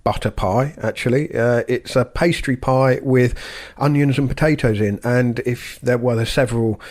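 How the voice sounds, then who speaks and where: A man's voice: medium pitch, normal speed, darkish tone. A man co-hosting a sports podcast, talking through his thoughts in a rambling, unscripted way. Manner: rambling, many fillers and restarts, thinking aloud. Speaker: podcast co-host. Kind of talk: casual podcast chat.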